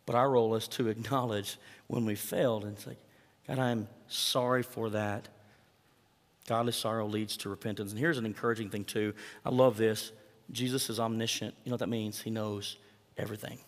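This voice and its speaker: A man's voice: fairly low pitch, steady tone, fairly quick. A man preaching a sermon as pastor, talking conversationally and asking the congregation questions. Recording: long hall reverb.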